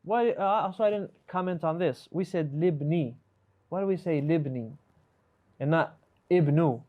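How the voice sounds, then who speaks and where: A man's voice: on the high side, moderate pace, mellow. A man teaching an Arabic class over a video call, patiently questioning and correcting his students and mixing English with Arabic grammar terms.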